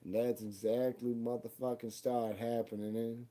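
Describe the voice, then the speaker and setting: A man's voice: medium pitch, little pitch movement, moderate pace, warm tone. A man in his twenties telling a personal story as spoken word, with a raw, intense and profane delivery. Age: 20s.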